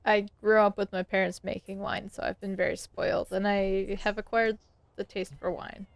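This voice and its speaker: A woman's voice: mid-range voice, little pitch movement, moderate pace, vocal fry, no room sound. A woman, tipsy, co-hosting a let's play at home, chatting playfully and insisting on her points. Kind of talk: casual gaming chat.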